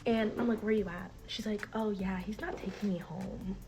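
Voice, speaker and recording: A woman's voice: medium pitch, moderate pace, background noise. A young woman telling a personal story in a casual vlog, acting out the people she quotes and saying "like" a lot. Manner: animated, acts out quoted voices, filler-heavy "like". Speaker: storyteller recounting a personal dispute.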